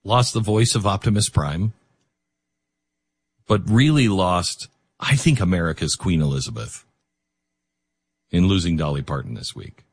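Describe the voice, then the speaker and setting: A low, husky-voiced man hosts a talk radio show with a lively, swinging delivery. He speaks with emotional emphasis into a dry studio microphone. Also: measured pace, pauses often, dry recording.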